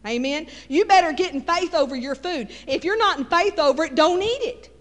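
A woman's voice: high-pitched, expressive, a little fast, big-room sound. A middle-aged woman with a Texas Southern accent, preaching a folksy sermon with call-and-response asides.

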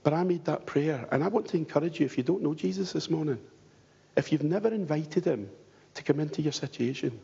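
With a somewhat high, gravelly, husky voice that stays warm, a pastor preaches briskly. He earnestly pleads and throws rhetorical questions at the congregation, in a dull lo-fi church hall recording with long reverb.

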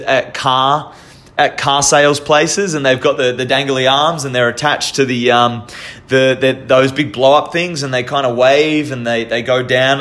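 Young Australian man, casual storyteller, earnest, halting, lots of restarts. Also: medium pitch, fairly bright tone.

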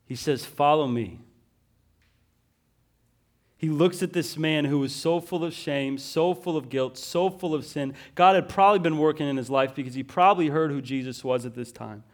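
A male pastor with a notably high voice, delivering a sermon. He leans on repeated words and casual asides, and swings from forceful declarations to quiet, slowed-down lines. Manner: emphatic preaching, repeating key words, swinging from loud to hushed; casual fillers like "listen" and "right?".

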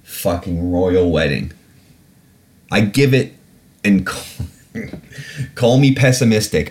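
A podcast host with a low, animated, darkish voice speaks slowly and pauses often. He rants casually in a sarcastic, heavily profane way, repeatedly getting irate and then apologizing.

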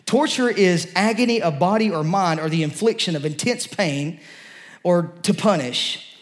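A man's voice: high-pitched, moderate pace. A man preaching a sermon, explaining a scripture passage in a conversational way and rising to emphatic peaks.

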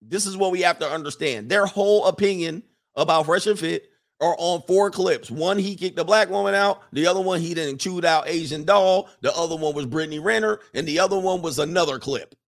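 A man's voice: on the high side, a little fast, gravelly. Emphatic man hosting a casual livestream. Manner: conversational, emphatic, frequent fillers and restarts, reads chat comments aloud. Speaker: livestream host reading chat.

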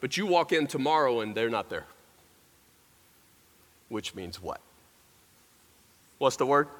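A man's voice: medium pitch, very animated, a little slow, fairly bright tone. A man preaching a sermon in a church, telling stories and talking straight to the congregation. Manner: storytelling, talks straight to the congregation. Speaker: pastor. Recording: echoey large hall.

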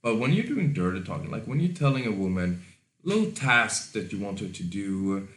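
Man, lowish voice, emphatic casual advice, roomy echo. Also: very animated, moderate pace, a bit bright. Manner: emphatic, swears, stresses words. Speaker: podcast co-host. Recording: roomy echoey room.

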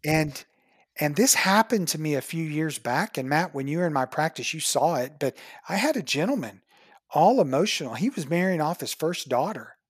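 Woman dentist, animated storyteller; breathy, dry close mic. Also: deep voice, moderate pace, no room sound. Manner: animated storyteller, acts out quoted dialogue. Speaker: dentist, podcast guest. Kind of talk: casual conversation, storytelling.

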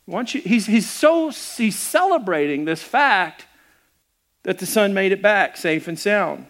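A man's voice: high-pitched, a little slow. A middle-aged man preaching a sermon as a pastor, telling the story conversationally and acting out the people in it, with frequent restarts. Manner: animated storytelling with acted-out quotes.

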